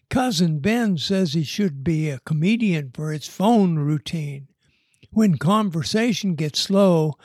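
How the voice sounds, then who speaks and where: A man reading a story aloud in an unhurried, measured way. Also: on the high side, a little mellow, no room sound, studio quality. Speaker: narrator.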